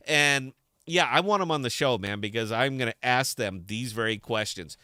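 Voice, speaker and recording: A man's voice: medium pitch, normal speed, bright, forceful tone, no echo, studio quality. A man hosting a livestream podcast in casual chat, fired up and blunt, with salty language. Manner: fired-up, blunt, profane ranting. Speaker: podcast host.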